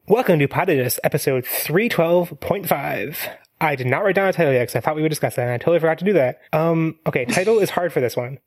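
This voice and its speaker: A podcast host chatting casually, rambling through quick tangents full of "like.". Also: mid-range voice, a little mellow, dry recording, faint music behind. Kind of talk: casual chat.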